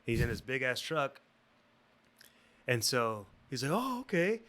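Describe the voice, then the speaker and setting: A man's voice: mid-range voice, measured pace. A man guesting on a podcast, telling a story in casual, rambling, swear-heavy talk. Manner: profane, rambling, animated.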